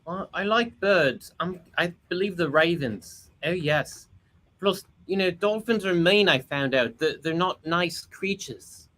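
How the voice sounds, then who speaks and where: A woman's voice: on the low side, a little slow, a bit bright. A woman, a guest picker in casual chat, talking dry and wry.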